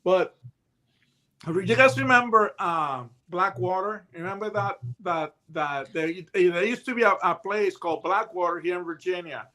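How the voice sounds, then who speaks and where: A man in his late fifties, a retired hostage negotiator, telling stories in a casual chat, animated and full of restarts and voiced quotes. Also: sits high, measured pace. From United States. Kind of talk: casual storytelling.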